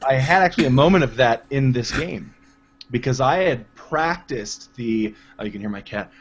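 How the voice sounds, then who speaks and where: A man's voice: medium pitch, dull audio. A man, the game master and host, chatting hesitantly with many fillers. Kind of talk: casual chat among gamers.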